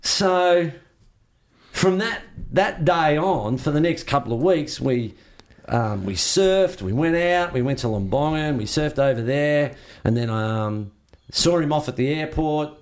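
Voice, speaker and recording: A man's voice: fairly high pitch, expressive, measured pace. An older Australian man telling rambling surf-trip stories in casual chat, swearing freely and acting out the dialogue himself. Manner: rambling, laid-back, swears freely, acts out quoted dialogue. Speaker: interviewee, surfer. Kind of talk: casual storytelling.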